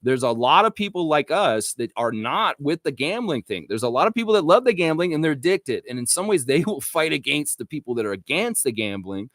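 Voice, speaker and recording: A fairly high-pitched man talks briskly with few pauses while hosting a live stream. Excitable and profane, he rants and reads the chat aloud, recorded dry in clean studio sound.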